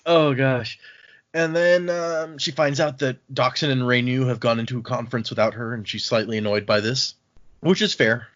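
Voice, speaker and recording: A man hosting a casual book discussion podcast, recapping chapters in an animated way. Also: mid-range voice, moderate pace, dull audio. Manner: animated recap, acts out quotes. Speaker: podcast host.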